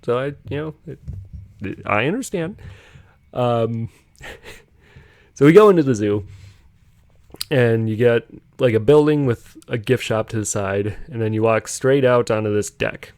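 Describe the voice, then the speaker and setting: A man's voice: medium pitch, animated, measured pace, long pauses, a little mellow, dry recording. A young man casually telling a rambling story on a podcast, chuckling as he goes. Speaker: podcast host.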